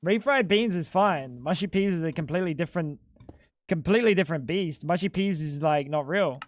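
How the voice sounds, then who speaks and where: A man's voice: on the high side, a little fast. A young adult man streaming a game live, joking and chatting playfully with his viewers. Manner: joking, playful, talks to chat. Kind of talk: casual live-stream chat while gaming.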